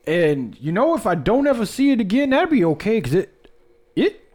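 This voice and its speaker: A man's voice: high voice, very animated, normal speed, a little mellow. A man voicing a sly old male fight coach in a tabletop game, rambling with lots of "you know". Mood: uneasy. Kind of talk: tabletop role-play.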